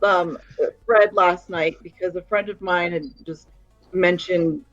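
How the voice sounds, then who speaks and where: An American woman on an online call, talking in an animated way and swearing a lot. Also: lowish voice, takes it slowly, soft background music. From United States. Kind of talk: casual chat. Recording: dull lo-fi call audio.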